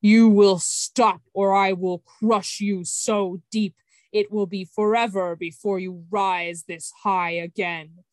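A woman voicing a huge male mountain spirit who speaks slowly, loudly and with stern command. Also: medium pitch, fairly even intonation, no echo, close to an everyday voice. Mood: menacing. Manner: slow, loud, commanding.

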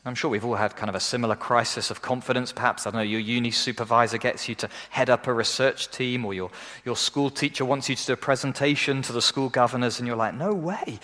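A man delivering a sermon in a lively, animated way, his voice sitting at an ordinary middle pitch. He often slips into the voices of the people he quotes. The recording carries a long, ringing hall reverb. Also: fast talker. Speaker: preacher.

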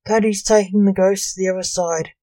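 A woman's voice: mid-range voice, fairly even intonation, fairly quick, no room sound, clean studio sound, natural voice. A woman voicing an irritable grown necromancer who speaks coldly and darkly. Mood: exasperated. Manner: cold, dark and hissing.

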